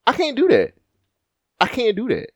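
A man's voice: extremely high pitch, huge pitch swings, normal speed, no echo, clean studio sound. A man co-hosting a casual chat, playful and profane, with many restarts as he explains. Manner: playful, swearing, hesitant restarts.

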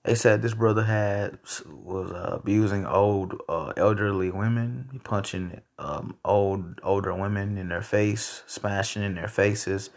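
Low gravelly man ranting casually. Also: a little slow, hardly any pauses. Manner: loose, profane, rambling, animated outbursts. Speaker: podcast host. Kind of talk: casual solo commentary.

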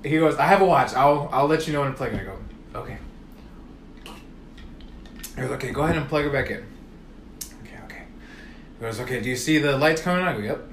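A man's voice: medium pitch, quick pace, pauses often, reverberant, slight background noise. A man telling a long story in casual chat, swearing freely and acting out both sides of phone calls. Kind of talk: casual storytelling among friends.

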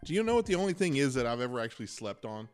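A man's voice: medium pitch, big pitch swings, racing, faint music behind. A man co-hosting a casual podcast who chimes in with short reactions and questions. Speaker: podcast co-host.

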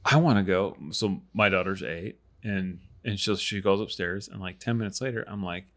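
A man in his thirties casually telling a lively hunting story on a podcast, acting out quotes. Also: deep voice, normal speed. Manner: animated storyteller, acts out quotes. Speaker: podcast host and hunter.

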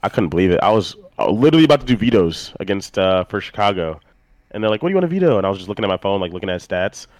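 Young male co-host, quick and animated delivery, dry close sound. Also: sits low, dry recording. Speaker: podcast co-host. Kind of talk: casual chat.

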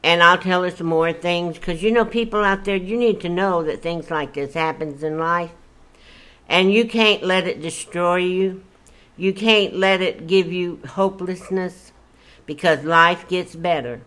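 An older woman spinning a story from her own life in a relaxed, chatty way. She talks in a folksy manner, breaking into exclamations as the story builds. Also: on the low side, unhurried. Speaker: storyteller guest. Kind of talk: casual storytelling.

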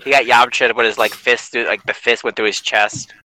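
A man's voice: mid-range voice, fairly even intonation, brisk, pushed and bright, a little hiss or hum, low-quality recording. A man taking part in a casual podcast chat, talking in an offhand way.

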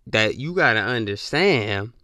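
Young male podcast host, casual rambling rant, slang-heavy, bright edge, dry close mic. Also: on the low side, animated, unhurried, dry recording. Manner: loose, rambling, emphatic with slang. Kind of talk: casual monologue.

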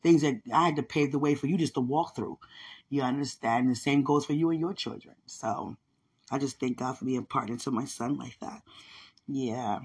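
A woman hosting a podcast, telling a personal faith testimony in casual, animated storytelling. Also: a bass voice, moderate pace, slightly rough. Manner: animated storytelling, acts out others' words. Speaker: podcast host.

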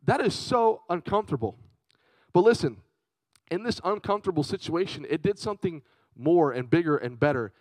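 A young man gives an animated youth sermon in a slightly high voice. He swings from loud bursts to hushed asides while he tells his stories. The sound is close and dry. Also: normal speed, dry recording, low-quality recording. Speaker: youth pastor.

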